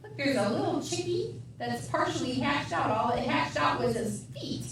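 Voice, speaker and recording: A woman's voice: sits high, sing-song, moderate pace, recorded from a distance, slight background noise. Sing-song woman reading aloud in an echoey room. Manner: sing-song, animal sounds, asks children questions. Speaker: children's librarian. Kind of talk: storytime read-aloud.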